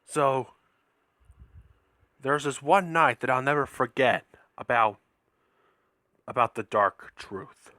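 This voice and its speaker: A man's voice: mid-range voice, takes it slowly, long pauses, bright, forceful tone, no echo, clean studio sound. A man casually telling a made-up story, rambling along with many restarts and repeated words. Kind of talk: casual spoken fan-fiction story.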